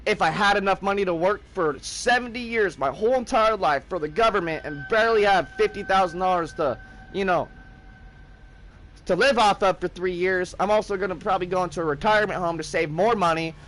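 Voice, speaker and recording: A man's voice: sits high, fairly quick, a bit bright, a little hiss or hum. A young man hosting a gaming livestream, ranting in a heated, profane, casual way.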